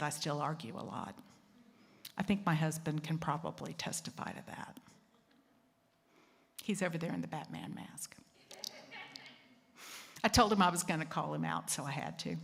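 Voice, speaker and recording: Her voice low and gravelly, a woman hosts a secular assembly in a large hall. She keeps things conversational, pokes fun at herself, and performs the quotes she cites.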